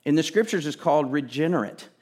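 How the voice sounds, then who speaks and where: A man's voice: fairly high pitch, lively intonation, fast, a little mellow. A male pastor preaching a sermon in a conversational way, with casual asides and emphatic repetition.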